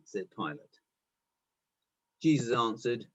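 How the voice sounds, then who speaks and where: Husky guy reading a bible passage, lively up and down delivery. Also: medium pitch, unhurried, pauses often. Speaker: scripture reader.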